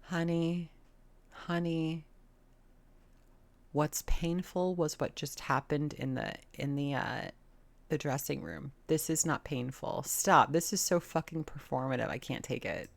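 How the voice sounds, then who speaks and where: A woman's voice: sits low, fairly even intonation, a little slow, creaky, darkish tone. A woman hosting a reaction video, talking bluntly and sarcastically and swearing often. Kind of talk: casual commentary.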